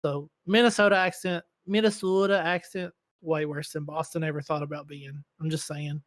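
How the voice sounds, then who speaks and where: A high-pitched man with a Southern drawl, chatting casually and spinning animated stories with a fair bit of swearing. The sound is dry and close, with no room around him. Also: a little fast, no echo. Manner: animated storyteller, swearing freely. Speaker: podcast host. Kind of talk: casual chat.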